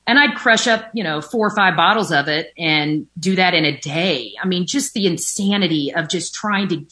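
A woman's voice: lowish voice, bright, forceful tone. A woman speaking candidly about her recovery from addiction, at home by a window, with many fillers and an occasional swear word. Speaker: recovering alcoholic sharing her story. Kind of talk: personal recovery testimony.

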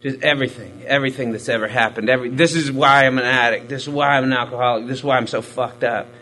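A man's voice: mid-range voice, steady tone, quick pace, bright, forceful tone, poor audio. A man giving a candid, profane personal testimony in a rambling, self-mocking way, full of fillers. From Hispanic military family background. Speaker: recovery storyteller.

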